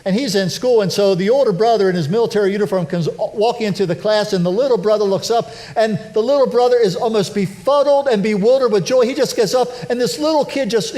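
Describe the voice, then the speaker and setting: A male pastor giving a conversational, animated church sermon with self-deprecating humor. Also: sits high. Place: church sanctuary.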